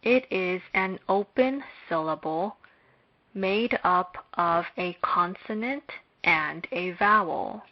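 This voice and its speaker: Very slow, deliberate woman lecturing. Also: fairly low pitch. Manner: measured, deliberate delivery with long pauses. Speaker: Hebrew lecturer. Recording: dull lo-fi recording.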